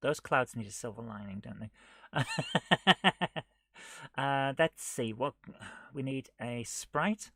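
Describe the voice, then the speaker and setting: A man streaming himself coding a retro game live, thinking aloud, muttering half to himself and scolding his software. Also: medium pitch, animated, slow, pauses often, dry recording, clean studio sound. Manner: muttering to himself while he works, often dropping to a near whisper; chatty and self-mocking, scolding the software.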